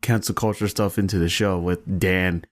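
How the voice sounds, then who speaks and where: A man co-hosting a casual wrestling podcast, relaxed and chuckling as he talks. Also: low voice, normal speed, dry recording, studio quality. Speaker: podcast co-host.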